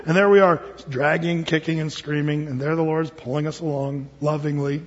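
Pastor, man, high husky voice, storyteller who acts out the voices, long hall echo on a dull recording. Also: fairly quick, hardly any pauses. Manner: animated storytelling, acts out voices, stammers and repeats words. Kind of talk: sermon.

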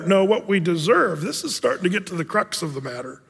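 A man preaching a sermon as a pastor, casual and animated, acting out the voices of the people in his story. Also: high-pitched, fast talker, gravelly, breathy edge, in a large hall.

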